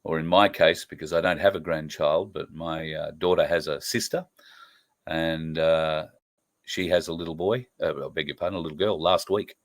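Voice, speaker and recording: A man's voice: very deep voice, fairly even intonation, normal speed. A middle-aged man with an Australian accent hosting an earnest political commentary show, talking emphatically with frequent fillers. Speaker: host.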